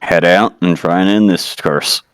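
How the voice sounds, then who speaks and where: A man voicing a gruff 51-year-old man cursed into a girl's body, with a gravelly, weary voice. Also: low-pitched, steady tone, a little slow, no echo. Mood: exasperated.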